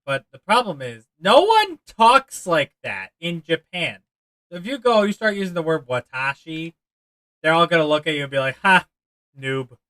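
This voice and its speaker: A man streaming a game live, chatting casually and excitably with his viewers and rambling as he plays. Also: fairly high pitch, normal speed, no room sound, poor audio. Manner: excitable, rambling, talks to chat, swears.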